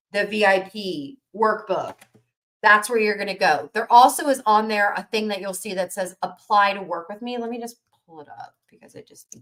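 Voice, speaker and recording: A woman business coach hosting a live motivational workshop stream, energetic and emphatic, repeating phrases for rhythm. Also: mid-range voice.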